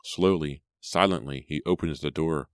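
A man narrates a horror novel in a measured storytelling manner. His voice is very deep and low. The recording is dry and close, with no room sound. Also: clear, resonant tone, no room sound. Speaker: audiobook narrator. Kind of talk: scripted narration.

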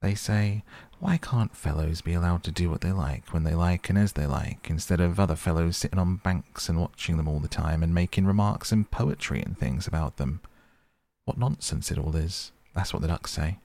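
A man voicing a good-natured male water rat who talks cheerfully and briskly in a storybook reading. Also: deep voice, gravelly, warm tone. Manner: cheerful, brisk, easily indignant.

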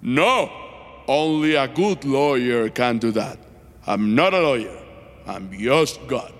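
A man's voice: mid-range voice, animated, takes it slowly, in a large hall, pitched below the performer's own voice. Blunt, wry God voice, a man doing it. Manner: blunt, dry.

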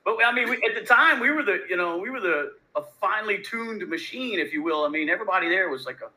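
A man from Louisiana, a bartender guest telling profane, animated stories in a casual interview. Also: sits high, quick pace, a little hiss or hum, rough recording. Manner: profane, animated, laid-back. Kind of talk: casual storytelling.

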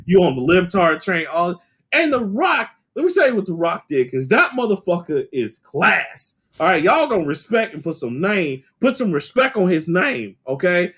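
Husky, high-pitched, impassioned man. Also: sing-song, normal speed. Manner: passionate, emphatic and profane, sometimes shouting. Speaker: podcast host. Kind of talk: casual podcast chat.

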